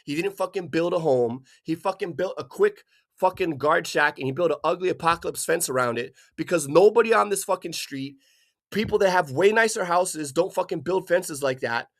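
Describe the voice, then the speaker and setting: A man from Hawaii delivering an angry, profanity-filled rant, swearing constantly and bursting into shouts. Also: on the high side, animated, moderate pace. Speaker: vlogger.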